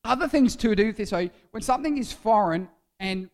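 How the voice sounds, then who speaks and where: High-voiced playful youth preacher, a man. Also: animated, a little fast. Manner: playful, jokey, quizzes the audience. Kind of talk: interactive youth sermon.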